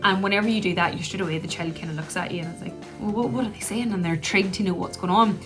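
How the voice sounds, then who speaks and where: A woman's voice: medium pitch, fast talker, over music. A woman, a play therapist explaining puppet play in a chatty, instructional way. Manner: chatty, acts out gentle puppet voices. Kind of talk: instructional talk to camera.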